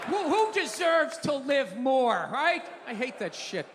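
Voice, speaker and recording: A man performing stand-up in a big theater, ranting loudly and sarcastically, with plenty of swearing. His voice sits very high for a man. The sound rings out in a long hall echo, with a clear crowd murmur and room noise behind it. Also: sing-song, a little slow. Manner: loud, ranting, profane and sarcastic. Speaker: stand-up comedian. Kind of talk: live stand-up routine. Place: large theater stage before a live audience. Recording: reverberant hall with audience noise.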